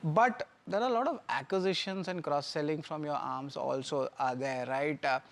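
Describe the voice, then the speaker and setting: Male business TV host, slightly high voice, halting and wordy when he questions a guest. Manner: hesitant questioning with many fillers. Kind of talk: interview questions.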